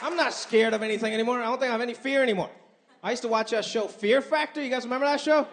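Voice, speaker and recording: A male stand-up comic with a high voice delivers a punchy, self-mocking set into a stage microphone. A faint crowd and a light background hum sit behind him. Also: rapid-fire, fairly bright tone. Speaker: stand-up comedian. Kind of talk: stand-up comedy routine. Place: comedy stage before a live audience.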